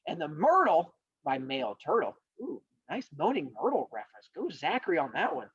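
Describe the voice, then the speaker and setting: A man's voice: a little high, huge pitch swings, a little fast, hardly any pauses, slightly rough. A man teaching a class, explaining and telling a story in a playful, jokey way. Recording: dull lo-fi recording.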